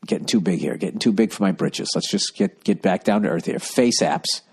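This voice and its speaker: Low-voiced, swearing, ranting man. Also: a little fast, breathy edge. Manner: profane, ranting, storytelling. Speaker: podcast host. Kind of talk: rambling solo podcast monologue.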